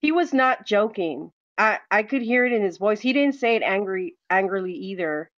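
A woman calling in to a casual discussion, speaking in a hesitant, halting way. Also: mid-range voice, animated, fairly bright tone, highs cut off. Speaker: caller.

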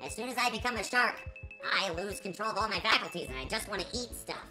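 A woman hosting a let's play, reacting dramatically with panicky yelling and pleading. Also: medium pitch, fast talker, poor audio. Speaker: gaming channel host. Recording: voice over game music.

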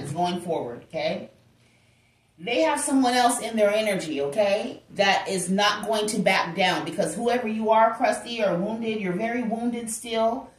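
A woman giving a casual tarot reading, talking straight to her viewers in an emphatic, chatty way. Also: fairly high pitch. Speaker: tarot reader. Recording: roomy echo, distant from the mic.

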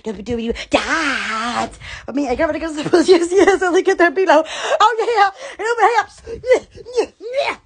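A woman hosting a casual live stream, giddy and excitable, laughing and squealing often. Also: very high-pitched, moderate pace.

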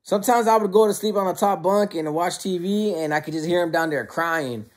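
A man who served time, casually telling prison stories in a slangy, animated way. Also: high-pitched, a little fast. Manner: slangy and conversational, often calls listeners bro; animated, acts out quoted lines. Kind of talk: casual storytelling to camera.

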